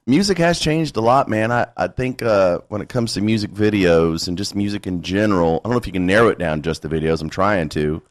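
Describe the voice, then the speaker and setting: A man's voice: fairly low pitch, brisk, few pauses. Blunt, profane man ranting casually. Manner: blunt, profane, laughing rants. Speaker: podcast host. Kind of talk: casual chat.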